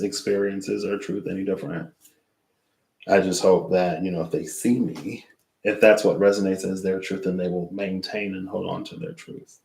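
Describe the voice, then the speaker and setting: Low-voiced man musing in an echoey room. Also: a little mellow. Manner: rambling and reflective, trailing off into asides. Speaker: tarot reader. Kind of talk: casual spoken tarot reading wrap-up.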